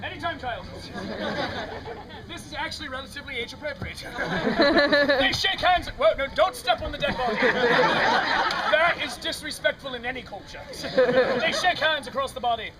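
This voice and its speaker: A woman's voice: high voice, normal speed, low-quality recording. A woman narrating an interactive comic street-theater show, playfully ad-libbing and calling out lines for the audience to repeat. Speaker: comedic storyteller leading audience participation. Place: outdoor fair stage. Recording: outdoor recording with a loud crowd. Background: loud live audience.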